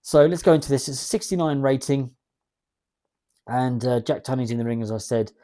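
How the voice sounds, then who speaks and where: A man's voice: medium pitch, brisk, warm tone. A man hosting a let's-play video, chatting in a rambling way and reading out game text as he plays. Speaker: gaming video host.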